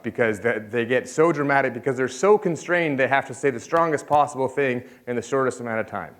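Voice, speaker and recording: A man giving a lively conference talk, joking and calling on the audience. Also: mid-range voice. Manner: energetic, jokey, interacts with crowd. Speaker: conference speaker.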